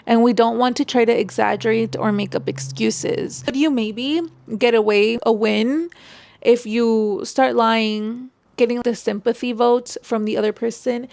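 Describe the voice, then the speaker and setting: A woman's voice: on the high side, fairly even intonation, measured pace, gravelly, darkish tone. A woman chatting casually as she gives relationship advice, full of "like" fillers. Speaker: vlogger giving relationship advice.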